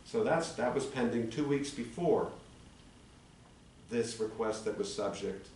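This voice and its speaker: A man's voice: mid-range voice, a little slow, a little mellow. Echoey older man arguing a legal case. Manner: argumentative, building a legal case. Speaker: attorney addressing town commission. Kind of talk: formal presentation at a public meeting. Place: town commission meeting chamber. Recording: echoey chamber, distant mic, faint hum.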